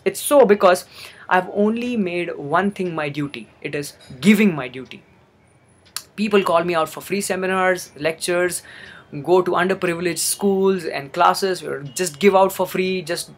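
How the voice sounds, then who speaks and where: A man's voice: high voice, a bit bright. A young man giving an earnest motivational talk, repeating phrases for emphasis. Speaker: motivational speaker. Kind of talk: motivational monologue.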